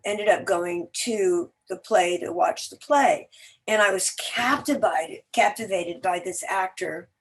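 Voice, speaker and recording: A woman, an actor guesting on a podcast, telling long animated stories in casual chat. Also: medium pitch. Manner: chatty, animated storyteller.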